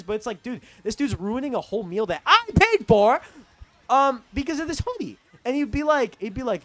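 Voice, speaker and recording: A man's voice: very high-pitched, big pitch swings, a little fast. A young man telling a story in a casual, profane, rambling rant as a vlogger.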